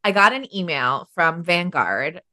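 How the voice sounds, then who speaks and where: A woman's voice: fairly low pitch, lively intonation, a little slow, pushed and bright. An American woman co-hosting a podcast in casual chat, blunt and given to swearing, acting out her own inner voice. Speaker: podcast co-host.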